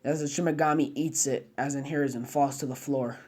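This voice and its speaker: A man's voice: medium pitch, steady tone, brisk, darkish tone. A man narrating a fan-made story casually, chaining run-on clauses with slang and fillers.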